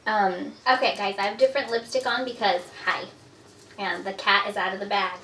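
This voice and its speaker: A young adult woman vlogging at home chats about her pregnancy, a little out of breath and filling her speech with "um" and "like." Her mid-range voice is a bit bright and slightly fast. A distant mic gives a roomy echo, with slight background noise.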